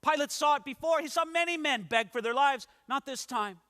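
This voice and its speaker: A male pastor preaches an expository sermon in a very high, brisk, pushed and bright voice. He is emphatic and dramatic, acting out the scripture characters in the story. The recording carries a long hall reverb.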